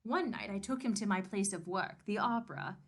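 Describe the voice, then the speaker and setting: A woman's voice: mid-range voice, a little fast, a bit bright, lightly acted. A woman voicing an older woman confessing to a priest, in a dramatic, earnest way.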